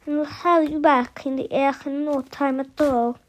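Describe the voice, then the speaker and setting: A woman's voice: high-pitched, steady tone, moderate pace, lightly acted. A woman reading the lines of a polite ginger-haired Scottish ground worker, in a plain voice with little change from her own.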